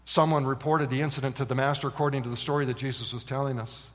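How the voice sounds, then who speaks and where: A male pastor preaching a sermon, telling a story dramatically and swinging from loud excitement to hushed intensity. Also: mid-range voice, quick pace, hardly any pauses. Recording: long reverb of a large hall.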